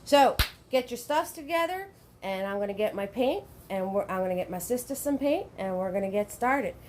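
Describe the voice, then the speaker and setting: Hosting a live painting class online, this woman from Washington state chats with viewers and greets them sing-song style. She speaks at medium pitch and moderate pace, animated, over background noise.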